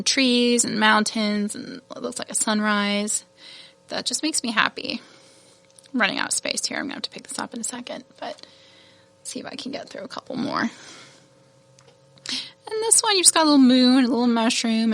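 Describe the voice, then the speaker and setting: A woman's voice: a little high, vocal fry, a bit bright. A woman hosting a casual product showcase, chatty and gushing, laughing at her own fumbles. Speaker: shop host showing new beads.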